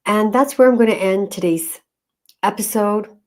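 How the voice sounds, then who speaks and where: A woman's voice: mid-range voice, moderate pace. A woman in her fifties, a school counsellor and coach, giving earnest, encouraging advice straight to parents in a direct-to-camera talk.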